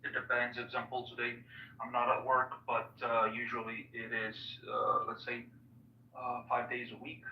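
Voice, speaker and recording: An Italian man speaks in earnest, halting English with a clear Italian accent, often doubling words while he finds his way. He sounds far from his mic in a reverberant room, and the signal is dull and muffled. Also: mid-range voice, completely flat delivery, a little hiss or hum. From Italy. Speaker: guest in an online audio chat. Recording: echoey, distant, dull audio chat.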